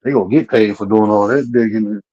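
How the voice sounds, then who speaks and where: A man hosting a casual livestream chat, blunt and profane, with a Black style. His voice sits mid-pitch and comes through a dull, slightly lo-fi line in a dry room. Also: fairly even intonation, a little fast, warm tone, no echo. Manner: blunt, profane trash talk, repeatedly says bro. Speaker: livestream host.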